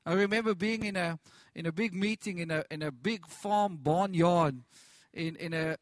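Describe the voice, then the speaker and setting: A man's voice: on the high side, fairly even intonation, fairly quick, no echo. A man preaching a sermon with passion, repeating phrases, restarting lines and calling out to the congregation.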